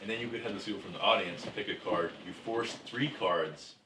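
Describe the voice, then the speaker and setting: A man's voice: on the low side, fairly quick. A young man co-hosting a casual podcast chat, joking and teasing his friends. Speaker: podcast co-host. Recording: echoey room, mic at a distance, faint noise.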